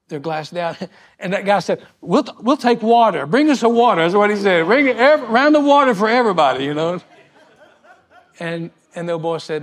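Folksy older male pastor, fairly high voice. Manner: folksy, repetitive, chuckling storyteller. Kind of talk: sermon with storytelling.

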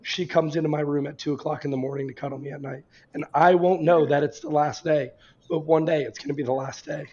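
A man chatting casually, telling stories in an animated, warm way. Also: on the high side, fast. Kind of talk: casual conversation. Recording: dull lo-fi sound.

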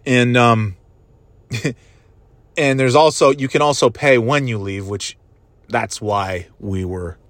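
A man's voice: mid-range voice, slow pace, long pauses, a bit bright, no echo. A man in his forties telling a comic story in a rambling, self-mocking way and swearing casually.

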